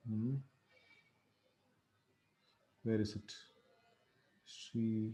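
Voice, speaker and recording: A man leading a scripture reading, coaching pronunciation in a halting way with frequent fillers and self-corrections. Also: mid-range voice. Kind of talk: pronunciation lesson, online class.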